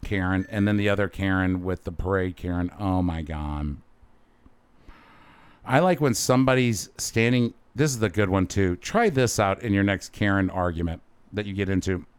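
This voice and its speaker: Jokey man, low voice. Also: moderate pace, clean tone, no room sound. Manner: jokey storyteller, acts out quotes loudly. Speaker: podcast co-host. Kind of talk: casual banter.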